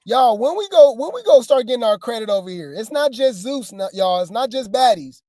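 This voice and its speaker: A woman's voice: a little high, lively intonation, a little fast, mellow, no room sound, clean studio sound. A woman hosting a celebrity gossip channel, chatting wryly and straight to her viewers. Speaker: gossip news commentator. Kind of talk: casual gossip commentary.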